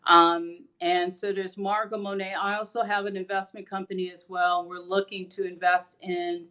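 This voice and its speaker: A woman's voice: lowish voice, moderate pace, clear, resonant tone. A woman hosting her own show, talking to viewers in an earnest, encouraging way and acting out the stories she tells. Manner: animated storyteller acting out characters' lines. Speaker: host. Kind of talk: motivational monologue to viewers.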